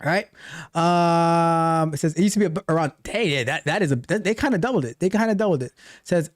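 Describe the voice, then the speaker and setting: A man's voice: on the high side, a little fast, dry recording, studio quality. A man coaching on tech, streaming live and reading his chat aloud with a playful, teasing manner.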